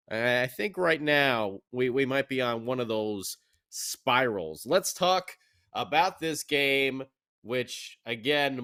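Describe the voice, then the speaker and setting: A man co-hosting a casual hockey recap podcast, talking in an animated, jokey way. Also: medium pitch, clean tone. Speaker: podcast co-host.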